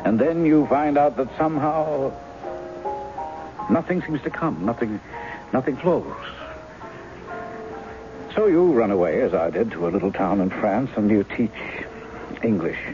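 A man's voice: mid-range voice, lively intonation, unhurried, long pauses, natural voice. An actor playing a charming male impostor in a 1970s radio drama, wry and teasing, often laughing. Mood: rueful. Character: charming male impostor, a blocked novelist posing as a husband. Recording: dull old radio broadcast with music.

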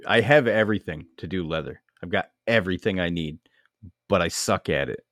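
A man's voice: low-pitched, fairly quick, a bit bright, dry recording, studio quality. A man hosting a podcast, talking casually and enthusiastically and swearing freely. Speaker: podcast host.

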